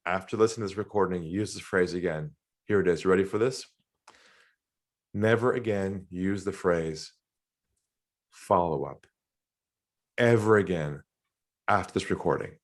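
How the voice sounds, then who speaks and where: A middle-aged Australian man, a sales trainer, talks through an interview with a fairly low voice. He tells anecdotes with lively energy and jumps into acted quotes, laughing as he goes. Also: fairly quick. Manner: animated storyteller, acts out quoted voices, laughs often. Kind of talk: storytelling interview talk.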